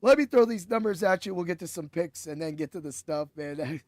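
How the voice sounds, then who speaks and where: A man hosting a casual sports betting podcast, talking in an excitable, rambling way, swearing and laughing freely. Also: on the high side, brisk, no echo. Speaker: podcast host.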